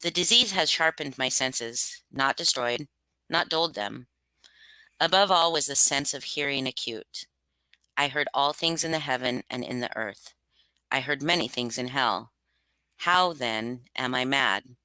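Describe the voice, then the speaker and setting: A nervous, insistent madman tells his horror tale, as a woman reads it aloud. The voice sits low yet bright, with a smooth, crisp tone. The delivery is slow and measured, tight with dread. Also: no room sound, heavily acted, poor audio. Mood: tense, brooding. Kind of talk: dramatic reading of a horror story.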